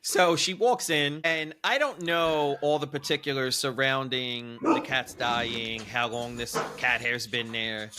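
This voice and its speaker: A man casually telling a long story on a podcast, animated and profane, his voice jumping high when he's incredulous. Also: measured pace, few pauses, noisy background. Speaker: podcast co-host.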